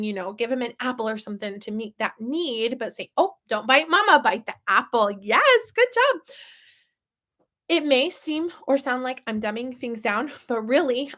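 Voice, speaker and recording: A woman, a mother, talking earnestly and casually to camera about her toddler, with lots of fillers and asides. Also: on the high side. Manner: earnest, chatty, with many fillers and soft asides. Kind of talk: casual explanatory talk to camera.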